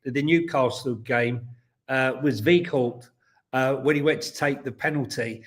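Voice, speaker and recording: A man's voice: mid-range voice, measured pace. A man, co-hosting a casual football podcast, rambling through stories with many ums and restarts. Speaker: co-host.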